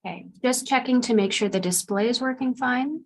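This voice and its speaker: A woman presenting a research seminar over a video call, measured and explanatory, with frequent pauses. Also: a little high, creaky. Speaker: seminar speaker.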